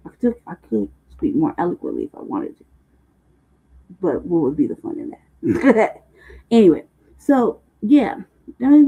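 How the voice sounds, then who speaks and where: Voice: medium pitch, sing-song, unhurried, long pauses, mellow. A livestream host in casual, rambling talk, profane and loose with slang, often laughing. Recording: muffled phone-like livestream audio.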